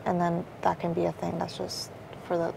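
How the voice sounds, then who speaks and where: A woman's voice: lowish voice, completely flat delivery, normal speed, creaky, noisy background. A young woman talking strategy in a casual, rambling way, full of fillers and swearing. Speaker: reality show contestant.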